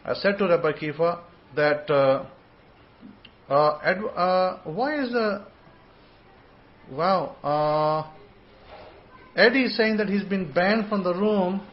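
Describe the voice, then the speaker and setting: A man leads an informal online scripture lesson, drifting between thoughts and repeating himself as he goes. He sometimes slows down to sound out single syllables one by one. His voice sits a little high and comes through a dull, lo-fi connection. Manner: rambling, repeats words, sounds out syllables slowly. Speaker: host and religious teacher.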